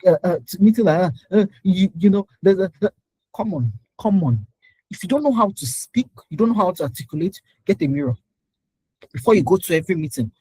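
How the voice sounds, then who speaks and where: Woman, motivational speaker, lively swooping delivery, husky voice, dry close sound. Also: fairly low pitch, no room sound, low-quality recording. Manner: animated, exhorting, laughs often. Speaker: career speaker. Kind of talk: motivational talk to an online session.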